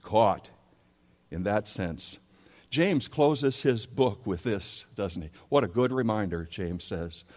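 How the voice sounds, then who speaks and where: A man's voice: on the low side, expressive, takes it slowly, a little mellow. A male pastor preaching a sermon, emphatic, and he keeps rising into pleading questions. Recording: long hall reverb.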